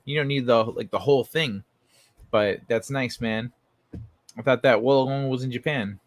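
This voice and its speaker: A man's voice: medium pitch, fairly bright tone, no room sound. A man hosting a casual late-night livestream, talking loosely and with plenty of swearing while he reads viewers' chat messages aloud. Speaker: livestream host.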